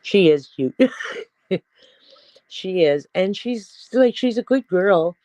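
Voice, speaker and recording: Middle-aged woman hosting a casual stream: rambling and slow-paced, with a dry, close sound. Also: expressive, mellow, dry recording, poor audio. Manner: chatty, rambling, coos at her pets in a high voice. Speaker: livestream host. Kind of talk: casual livestream chat.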